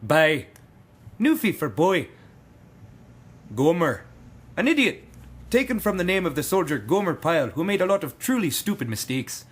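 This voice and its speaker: A man from Canada reading a comedic slang glossary with wry, deadpan definitions. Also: a little high, normal speed, long pauses, husky. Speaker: co-narrator.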